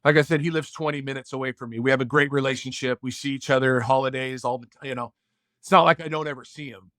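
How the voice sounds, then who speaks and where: A man speaks as a podcast guest, earnest and heartfelt, sometimes acting out snatches of conversation. His voice sits in an ordinary middle pitch. The sound is close and dry, with no room around it. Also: fairly even intonation, quick pace, sharp tone, no echo. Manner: earnest, heartfelt, acts out quoted dialogue. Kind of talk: casual interview storytelling.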